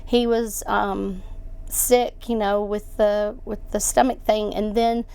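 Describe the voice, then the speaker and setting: A woman speaks as an interview guest, recounting a personal story. She sounds halting and emotional, often restarting her sentences in a medium-pitched voice. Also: level tone, creaky, warm tone, clear, resonant tone.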